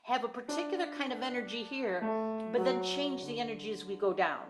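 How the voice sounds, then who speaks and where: Woman vocal coach on a video call, kinda high voice, picky about little details, repeats herself. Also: brisk, over loud music. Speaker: voice teacher. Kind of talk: online singing lesson.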